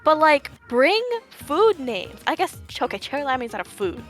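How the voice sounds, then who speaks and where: A woman's voice: sits high, very animated, moderate pace, soft background music. Playful young woman esports commentator. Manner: playful, mock-outraged, rambling tangents. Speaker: tournament commentator. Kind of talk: live esports commentary with banter.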